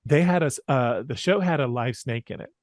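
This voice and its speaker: A man's voice: medium pitch, animated, normal speed. A man co-hosting a church podcast, telling a story and steering topics casually. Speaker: music director and podcast co-host.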